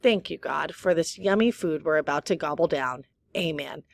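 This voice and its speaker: A woman voicing a bossy, cheeky young girl in a storybook, with a high, bright tone. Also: normal speed, creaky.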